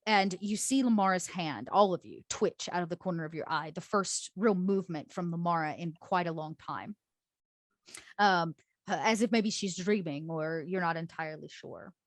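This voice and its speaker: A woman's voice: on the low side, normal speed, no echo. A woman narrating as game master in a tabletop game, descriptive and filler-heavy.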